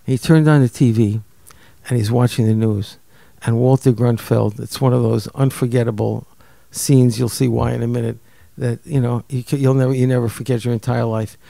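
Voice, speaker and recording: An older man from New York telling a personal story in an interview, lively and acting out the people he quotes. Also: mid-range voice, normal speed, vocal fry, dry recording. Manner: animated, acts out quoted voices, repeats words. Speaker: guest storyteller.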